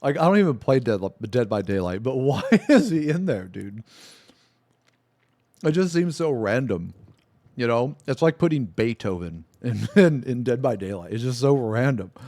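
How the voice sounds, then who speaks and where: A man's voice: medium pitch, animated, moderate pace, darkish tone, dry recording, clean studio sound. A man livestreaming, chatting casually with viewers in a rambling way, often laughing and swearing.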